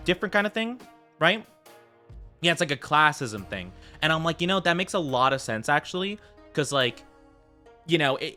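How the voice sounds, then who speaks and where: A man's voice: medium pitch, pushed and bright. An American man chatting casually while streaming a game, rambling with lots of fillers and tangents. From United States.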